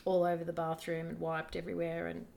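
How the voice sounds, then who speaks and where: Woman, podcast co-host, low-ish voice, rambling casual chat. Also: monotone, fast talker, gravelly, a little mellow, slight background noise. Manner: rambling, restarts often, plain storytelling.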